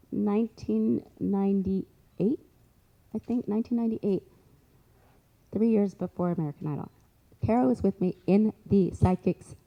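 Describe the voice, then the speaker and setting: Animated woman telling a story. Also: mid-range voice, creaky, dull audio. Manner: animated, acts out dialogue, lively asides. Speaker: guest speaker. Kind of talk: storytelling on stage.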